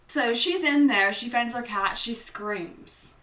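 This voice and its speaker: A young woman chats through a movie recap, unhurried and playful, acting out the characters' lines. Her voice is bright and fairly high. She sounds a little away from the mic in a roomy space. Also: recorded from a distance. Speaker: host.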